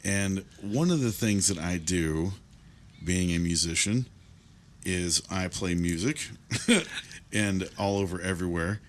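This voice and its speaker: A man, hosting an interview and telling stories in a lively way, quoting people with animation. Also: sits low, takes it slowly, a little hiss or hum. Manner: lively storyteller, animated when quoting others. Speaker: interview host. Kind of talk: casual interview chat, telling a story.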